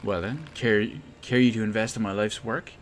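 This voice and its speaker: A man voicing a boastful male robot inventor who speaks in grand, old-fashioned phrases and pitches for money. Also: moderate pace, a little hiss or hum, lightly acted. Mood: pompous.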